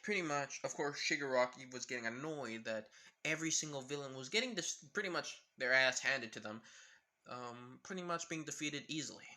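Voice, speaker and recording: A man's voice: medium pitch, a little fast, bright, forceful tone. A man casually narrating a fan-made crossover story, rambling with many fillers.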